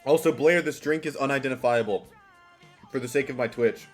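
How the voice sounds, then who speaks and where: A man's voice: mid-range voice, brisk. Rambling, self-mocking male streamer. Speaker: streamer playing a party game. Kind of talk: casual live-stream chat. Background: faint background music.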